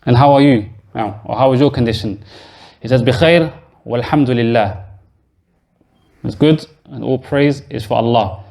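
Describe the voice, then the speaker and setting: A man's voice: medium pitch, normal speed, gravelly, dark tone. Man teaching a patient grammar class. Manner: patient, explains step by step and quizzes students. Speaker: Arabic teacher. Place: mosque classroom.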